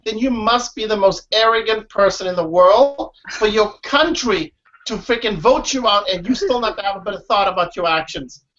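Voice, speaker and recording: A man's voice: sits high, moderate pace, slight background noise. Emphatic man, dull lo-fi sound. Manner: emphatic and animated, keeps saying "listen" and "you know what I mean". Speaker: guest, former reality show contestant. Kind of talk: casual interview chat. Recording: dull lo-fi recording.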